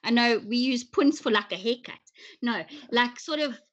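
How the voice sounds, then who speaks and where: A woman's voice: a little high, dull audio. A woman hosting a casual interview, chatty and full of ums as she moves between questions. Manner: chatty, many ums, quick question-asking. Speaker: interview host.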